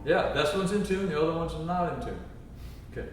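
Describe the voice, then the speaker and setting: A man's voice: a little high, brisk, slight background noise. A man teaching a trombone masterclass, breaking into scat-sung phrases to show how passages should go. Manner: scat-sings musical phrases to demonstrate. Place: chapel used as a concert hall. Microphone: distant room mic. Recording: echoey hall from far off.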